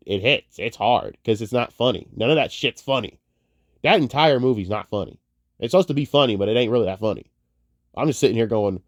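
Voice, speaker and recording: A young man ranting casually about movies, profane and heated, wandering off on tangents and swinging between muttering and loud outbursts. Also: medium pitch, no room sound, clean studio sound. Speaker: online commentator.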